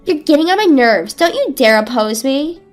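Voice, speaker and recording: A woman voicing a harsh, scolding middle-aged mother-in-law who taunts and makes excuses in a shrill voice. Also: big pitch swings, normal speed, soft background music. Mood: taunting.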